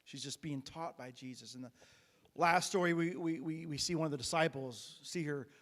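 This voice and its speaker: A man's voice: fairly high pitch, normal speed, a bit bright, long reverb tail. A man preaching a sermon as pastor, retelling a Bible story in a conversational way with frequent restarts and fillers. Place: church sanctuary.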